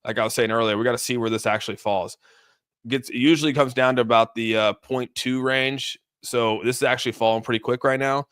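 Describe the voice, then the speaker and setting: Talking briskly in a medium-pitched, fairly even voice, this male streamer offers casual livestream chart commentary on crypto. He's loose and chatty, restarts often, and reads viewer donor messages; the audio is studio quality, clean and fairly bright with no echo.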